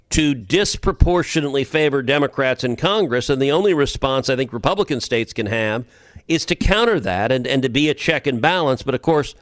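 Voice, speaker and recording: A man's voice: mid-range voice, dry recording, clean studio sound. Emphatic man arguing politics. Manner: emphatic, argumentative, repeats words when starting phrases. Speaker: podcast co-host, senator. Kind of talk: political commentary.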